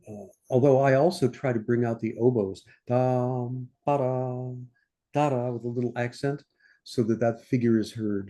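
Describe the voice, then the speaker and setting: In a masterclass on score study, the teacher is a conductor: an older US man whose voice is mellow and mid-range. He scat-sings lines from the orchestra between explanations and talks slowly, musing aloud with fillers.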